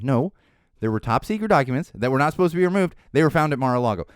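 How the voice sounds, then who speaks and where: A man hosting a podcast, giving opinionated political commentary in an animated, ranting way and swearing freely. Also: a little high, fast talker, no echo, studio quality. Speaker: podcast host.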